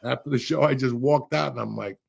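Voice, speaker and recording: A middle-aged man hosting a podcast, a loud, profane storyteller with a gravelly, husky voice. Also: mid-range voice, a little fast. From Cuba. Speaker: podcast host.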